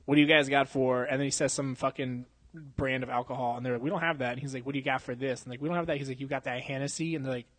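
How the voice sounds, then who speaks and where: A young man with a medium-pitched, slightly bright voice rattles off a long bar story at rapid-fire speed, his tone steady and the sound free of echo. As a podcast host on a handheld mic, he tells it casually, swearing, using slang, laughing a lot, and impersonating the quotes.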